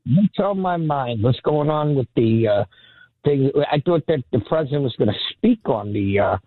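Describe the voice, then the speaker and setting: A man's voice: medium pitch, lively intonation, normal speed, dry recording. A male caller, phoning a radio show and talking in a meandering, hesitant, friendly way. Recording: tinny phone line.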